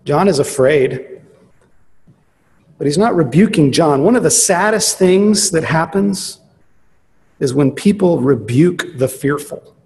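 Man, pastor, sermon, earnest, emphatic, fairly high voice, long hall reverb. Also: expressive, vocal fry, darkish tone, slight background noise. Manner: earnest, emphatic preaching that slows on key phrases.

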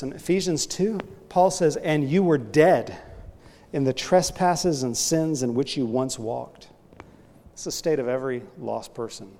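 A male pastor preaching an earnest sermon, his voice swelling loud on key points and then dropping low. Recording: long hall reverb.

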